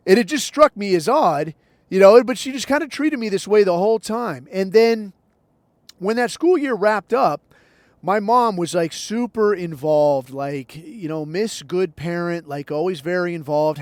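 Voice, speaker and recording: A man's voice: high-pitched, moderate pace, no room sound. Wry American man telling a story. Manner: loose, wry storyteller acting out other voices. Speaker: podcast host. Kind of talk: casual storytelling monologue.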